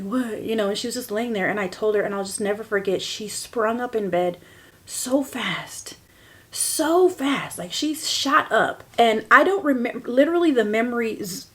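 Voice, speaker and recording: A woman in her forties hosting a personal podcast, telling her own story in a candid, emotional way. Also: mid-range voice. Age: 40s. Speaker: podcast host.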